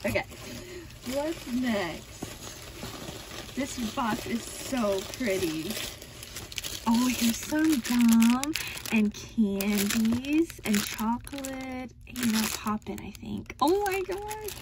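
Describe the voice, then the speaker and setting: A woman vlogger unboxing birthday mail at home, gushing and excitable with constant exclamations. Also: on the high side, drawn-out words, background noise. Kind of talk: casual unboxing vlog.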